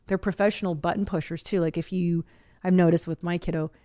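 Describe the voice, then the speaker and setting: A woman's voice: on the low side, fairly quick. Chatty woman host telling stories. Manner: animated storytelling, acts out quotes, laughs often. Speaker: podcast host. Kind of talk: casual chat.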